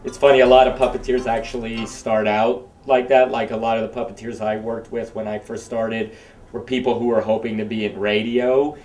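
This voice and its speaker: A man rambles through his stories in an interview, breaking into voices as he goes. His voice sits mid-pitch and sounds distant in a roomy space, with faint noise behind. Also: flat delivery, fairly quick, a little mellow. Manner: rambling, acts out voices in anecdotes. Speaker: puppeteer.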